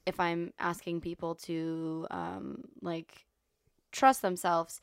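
Smooth low-voiced chatty woman. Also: flat delivery, slow pace, no room sound, studio quality. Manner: chatty, giggly, over-explains her stories. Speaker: podcast co-host, yoga and CrossFit instructor. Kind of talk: casual chat.

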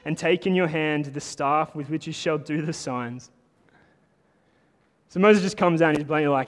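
A man preaching a sermon in a casual, animated way, talking to the congregation like friends. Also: fairly high pitch, moderate pace, long pauses. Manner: conversational, animated preaching with lots of "like". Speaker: pastor. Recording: long hall reverb.

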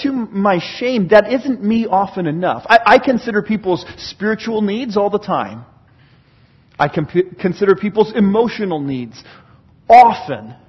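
Male pastor, earnest sermon delivery with restarts, slightly husky, muffled lo-fi capture. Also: sits high. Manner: earnest, repeats words while thinking aloud. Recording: dull lo-fi sound.

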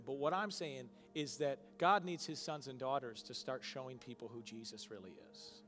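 A male pastor preaching a sermon, moving from quiet, emotional passages to loud, emphatic ones. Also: medium pitch, fairly quick, few pauses, soft background music. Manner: emotional, swings from soft and hushed to loud and emphatic.

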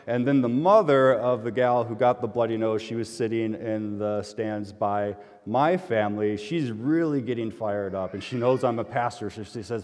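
A middle-aged man, a pastor, telling a personal story in a relaxed sermon, speaking conversationally and getting loud and animated when he gets excited. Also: mid-range voice. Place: church sanctuary. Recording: long hall reverb.

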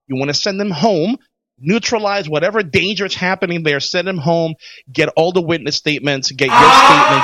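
A man who teaches HR, chatting casually on a podcast, telling animated stories and laughing often. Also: sits high, a little fast, a little hiss or hum. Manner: animated storyteller, laughs often, does voices in anecdotes. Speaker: HR consultant and teacher.

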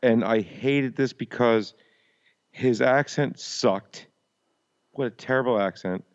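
A man's voice: medium pitch, takes it slowly. A man co-hosting a podcast in casual chat, grumbling and sarcastic. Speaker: podcast co-host. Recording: dull lo-fi audio.

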